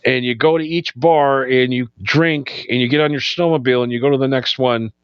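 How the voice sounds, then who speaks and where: A man's voice: mid-range voice, fairly even intonation, a little fast, clean tone, no room sound. A man co-hosting a casual podcast, rambling in a laid-back, loose and profane way. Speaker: podcast co-host. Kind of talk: casual stoner podcast chat. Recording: slightly dull lo-fi sound.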